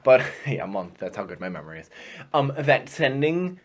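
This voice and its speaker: A man's voice: mid-range voice, sing-song, normal speed, a little hiss or hum. A young man co-hosting a casual podcast, laid-back and easily amused. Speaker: podcast co-host. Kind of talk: casual chat.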